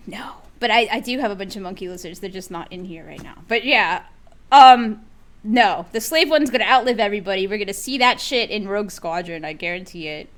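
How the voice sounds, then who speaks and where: A woman co-hosting a casual podcast chat, excited and laughing often, swearing freely as she talks. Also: mid-range voice, a little fast. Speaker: podcast co-host.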